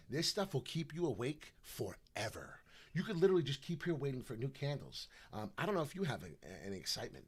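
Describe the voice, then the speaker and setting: A brash man with a New York accent, rambling excitedly on a live crypto chart stream, jumping between loud outbursts and low mutters. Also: slightly rough. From New York / New Jersey. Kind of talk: casual live stream chat.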